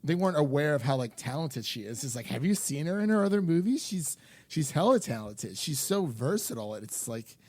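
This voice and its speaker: A young man co-hosting a film podcast, talking in an animated, rambling way with lots of restarts and fillers. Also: on the high side, brisk, no echo. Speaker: podcast co-host. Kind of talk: casual chat.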